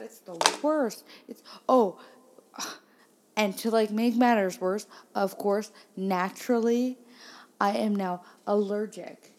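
A woman's voice: medium pitch, a little mellow. A woman hosting a casual solo podcast, talking in sarcastic, profane, rambling complaints. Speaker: podcast host.

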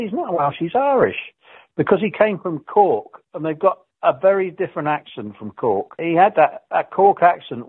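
A man's voice: a little high, slightly rough, dry recording. A man reminiscing in a rambling way about an old colleague, chuckling often and restarting his sentences, heard over a phone line. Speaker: former co-star and guest. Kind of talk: anecdotal reminiscing.

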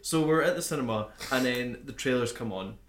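A young man chatting casually as a podcast co-host, swearing a lot and ranting through animated stories. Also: medium pitch, a little fast, echoey room. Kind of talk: casual chat.

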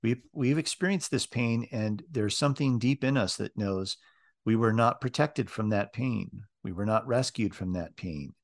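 A man gives a reflective sermon, breaking up his thoughts with ums and uhs. His voice is lowish and steady. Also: moderate pace. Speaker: preacher. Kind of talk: sermon with read-aloud passages.

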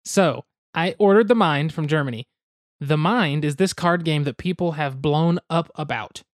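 A man's voice: fairly high pitch, moderate pace, no echo, studio quality. A young man hosting a podcast, explaining a card game step by step with goofy asides and hedges. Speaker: podcast host explaining board games.

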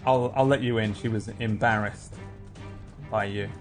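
A man running a tabletop game, talking in a relaxed, halting way, with lots of fillers and goofy sound effects. A faint bed of music plays quietly behind him. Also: on the low side. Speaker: game master.

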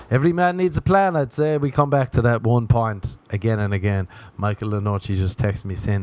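Rambling a little quickly through a self-deprecating comic monologue, an Irish-accented podcast host drops into performed inner voices. He speaks in a lowish, slightly mellow voice with lively intonation.

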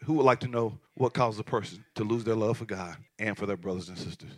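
A male pastor preaching a passionate sermon, swinging from shouted lines to hushed asides. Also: lowish voice, steady tone, brisk, few pauses.

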